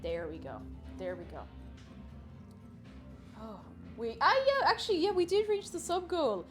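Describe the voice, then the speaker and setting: A woman's voice: high-pitched, huge pitch swings, unhurried, faint music behind. A woman chatting casually and giggling as she cooks at home and greets her viewers by name. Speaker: cooking livestreamer. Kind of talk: casual cooking livestream chat. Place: home kitchen.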